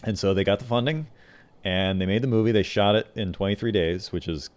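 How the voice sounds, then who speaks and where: A man's voice: fairly low pitch, fairly quick. A man co-hosting a podcast, casually retelling behind-the-scenes anecdotes about a film, slipping into quoted voices. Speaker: podcast co-host. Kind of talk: casual chat.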